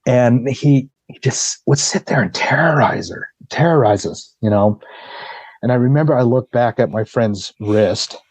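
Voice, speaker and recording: A man's voice: mid-range voice, a little slow, a little mellow, no echo. A man who is a podcast guest, recounting a personal ordeal in casual, blunt, profane storytelling full of "you know" and "like".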